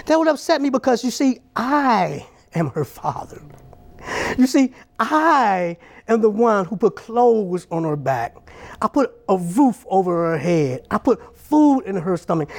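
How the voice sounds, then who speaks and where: A man's voice: high voice, very animated, measured pace, gravelly. A man preaching a sermon, emphatic and repetitive, building his points up line by line.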